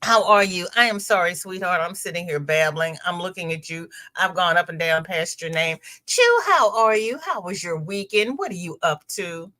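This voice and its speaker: A woman's voice: fairly low pitch, big pitch swings, normal speed, few pauses, bright, forceful tone. A middle-aged woman hosting a live stream, chatting casually and rambling between greetings to viewers by name. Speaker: livestream host.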